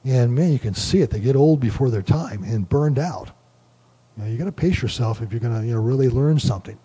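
A man giving a relaxed Bible study lecture, explaining word meanings and thinking aloud with many fillers. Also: medium pitch, brisk, breathy edge. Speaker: Bible teacher.

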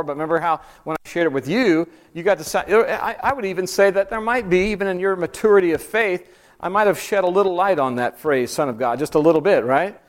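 A man teaching a church Bible class, talking through an outline in a conversational way and pressing hard on key points. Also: high voice. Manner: conversational, rising emphatic when stressing points.

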